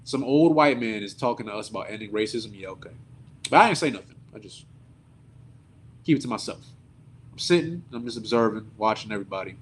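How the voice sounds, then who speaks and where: A man preaching at a service, telling a story in an animated, indignant, conversational way. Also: on the low side, a little fast, pauses often, slight background noise. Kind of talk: sermon storytelling.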